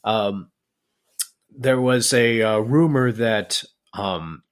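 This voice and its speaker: A man teaching in a podcast lecture, explaining step by step and often pausing with fillers and correcting himself. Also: on the low side.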